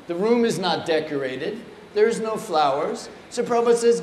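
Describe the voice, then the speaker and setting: A man gives an animated, playful storytelling talk at a temple. His voice sits slightly high for a man. The room is echoey, and a faint hiss runs underneath. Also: moderate pace, few pauses. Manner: animated, playful anecdotes with acted quotes. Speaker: speaker at a temple.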